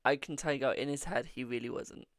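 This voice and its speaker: A man's voice: mid-range voice, fast, a bit bright, no room sound, studio quality. A man with a British accent giving a live-streamed tarot reading, laughing helplessly through his sentences. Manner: giggling helplessly, breaking into laughter mid-sentence. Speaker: tarot reader.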